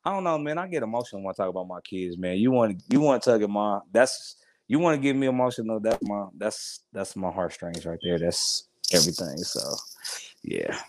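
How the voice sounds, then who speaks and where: A man's voice: on the low side, animated, fairly quick. A man in his forties talking openly in a casual interview, heartfelt and rambling, often restarting his sentences. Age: 40s. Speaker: podcast guest.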